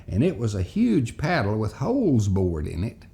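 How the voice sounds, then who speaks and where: A man telling a childhood story as a moral lesson for children and parents, in an animated, folksy way. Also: fairly low pitch, moderate pace, creaky.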